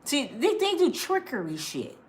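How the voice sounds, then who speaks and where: Angry high-voiced woman ranting. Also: wildly swooping pitch, normal speed. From Michigan, US. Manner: heated, swearing, repeating herself. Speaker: vlogger ranting to camera. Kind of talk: angry personal rant.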